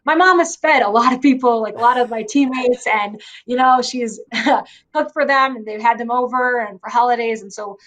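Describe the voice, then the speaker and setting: Casting note: young adult woman, interview guest, soft and halting, lots of "like" and "you know". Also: a little high. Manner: soft-spoken, heavy use of fillers like "like" and "you know". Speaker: guest wrestler. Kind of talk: emotional interview conversation.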